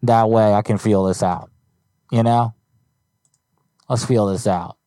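A man's voice: lowish voice, fairly even intonation, very noisy. A man streaming prank calls, chatting casually with lots of swearing and jokes. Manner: profane, joking, quick asides. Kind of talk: casual live-stream chat.

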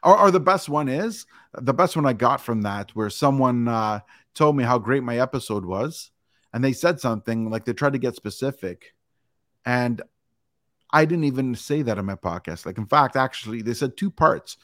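A man's voice: mid-range voice, moderate pace, no room sound. A male podcast host with an ordinary mid-range voice, recorded close and dry. He tells stories casually, padding them with fillers and asides. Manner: relaxed storytelling with frequent fillers like "it's like".

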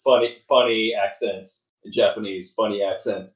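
A man's voice: lowish voice, moderate pace, reverberant, recorded from a distance, low-quality recording. A man co-hosting a casual anime podcast, cracking sarcastic, profane quips full of fillers. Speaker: podcast co-host. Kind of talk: casual anime review chat.

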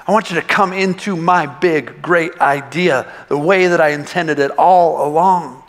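An impassioned man preaching in a church, his voice pitched a little high for a man. He drives each point home with repetitions and restarts. A long reverb from the big sanctuary trails after his words. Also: normal speed, hardly any pauses. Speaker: pastor. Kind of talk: sermon. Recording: long reverb of a large hall.

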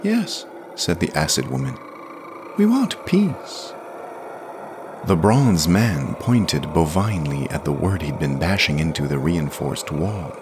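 A man narrating a scripted audio story in a measured, plain manner. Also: rumbling low, noisy background.

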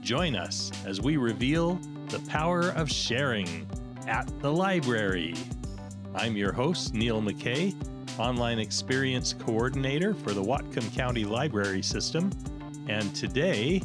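A man's voice: mid-range voice, very animated, measured pace. Man reading a podcast intro over guitar. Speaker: podcast host. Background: guitar music.

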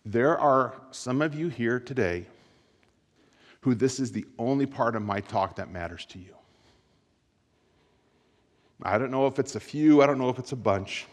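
A man giving a sermon-style talk to students, telling a story with lots of repetition and shifting between loud and hushed delivery. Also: mid-range voice, unhurried, long pauses, in a large hall. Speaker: speaker at a school gathering.

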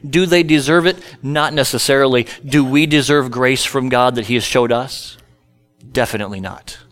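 A man's voice: mid-range voice, moderate pace, a bit bright. Man preaching through a funny personal story. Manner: storytelling, self-deprecating humor. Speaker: pastor.

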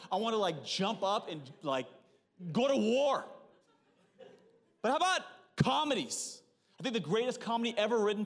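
A man's voice: sits high, fairly bright tone. A man in his thirties preaching a joking sermon full of movie references and acted-out lines. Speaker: pastor.

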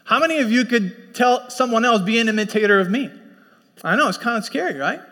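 A pastor preaching a sermon in a conversational, storytelling way, slipping into quoted voices. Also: male voice, very high-pitched, expressive, a little fast, pushed and bright. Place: church sanctuary. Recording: long church hall reverb.

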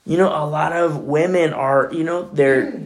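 A man preaching a sermon as pastor, in a conversational, animated way full of asides. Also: fairly high pitch, unhurried.

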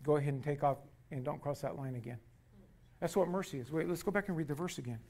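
Guy with a high voice preaching, loud scripture bits then quiet storytelling asides, lots of uhs. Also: fast talker. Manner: preaching with emphatic scripture readings and retold anecdote; frequent fillers, swings from loud emphasis to quiet asides. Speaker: pastor. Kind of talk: sermon.

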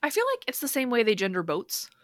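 A woman chatting casually about a film, making quick asides and laughing often. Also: a little high, sing-song, fairly bright tone.

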